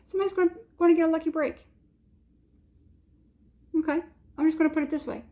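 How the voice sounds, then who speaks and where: A woman's voice: very high-pitched, fairly even intonation, fast, mellow. A woman giving a casual tarot reading, rambling and hesitant, with many fillers and frequent chuckles. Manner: chuckles often. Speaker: tarot reader.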